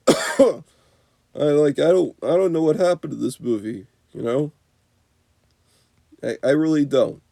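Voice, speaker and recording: A man's voice: fairly high pitch, lively intonation, moderate pace, gravelly, long pauses, warm tone, no room sound. A young man giving an unscripted, profane movie review rant, rambling with constant "you know" and "like".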